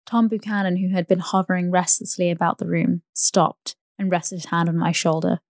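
A woman narrating a bedtime sleep story in a soft, even, unhurried reading. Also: lowish voice, no echo, clean studio sound.

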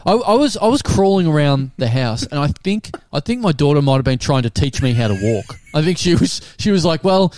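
A man's voice: fairly high pitch, lively intonation, a little fast, hardly any pauses, darkish tone. A man co-hosting a podcast over a video call, telling self-mocking stories. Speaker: podcast co-host. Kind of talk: casual podcast banter. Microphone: remote video call.

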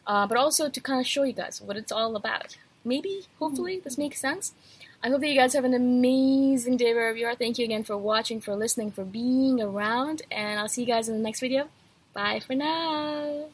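A woman with a fairly high, slightly husky voice talks through a candid, blunt rant for her podcast. She sounds a touch feverish but keeps it casual and frank. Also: a little fast, low-quality recording. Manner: candid and blunt, laughs easily. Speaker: podcast host.

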